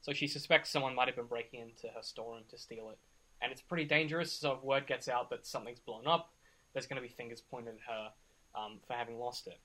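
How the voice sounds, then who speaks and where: A male game master narrating a tabletop session in a loose, rambling way, full of fillers. He talks quickly with a bright, forward tone. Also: mid-range voice, steady tone, rough recording.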